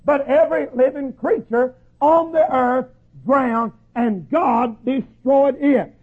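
A man preaching a sermon in a folksy storytelling way, acting out voices and shouting at the peaks. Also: very high-pitched, takes it slowly, slightly rough. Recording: tinny phone-like lo-fi recording.

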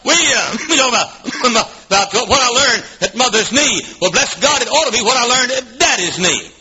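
A man preaching a fiery revival sermon in a church, swinging from shouts to hushed asides and coughing now and then. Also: extremely high pitch, animated, normal speed, slightly rough. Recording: dull lo-fi old recording.

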